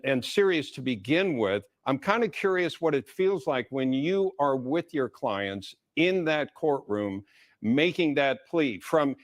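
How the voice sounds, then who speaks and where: A man anchoring live TV news coverage, speaking in a measured, conversational way and putting a question to a guest. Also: a little high, dry recording, clean studio sound.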